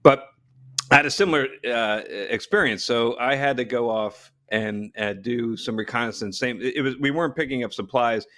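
A man from New Jersey spins a long, lively anecdote, often stumbling over restarts and breaking into laughter. His voice sits at an ordinary middle pitch. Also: moderate pace. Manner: animated, frequent restarts and laughter. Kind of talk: casual storytelling.

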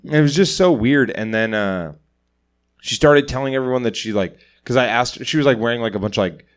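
A young comedian chatting on a casual podcast. He tells stage stories in a mid-pitched voice, laughing as he goes and acting out what everyone said. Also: brisk. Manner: storytelling, acting out quotes, laughing.

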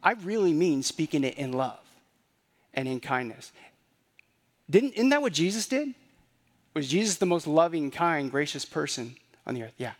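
A man's voice: fairly high pitch, very animated, normal speed, long pauses. A man preaching a sermon in a conversational way, often repeating phrases and asking rhetorical questions. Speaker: pastor.

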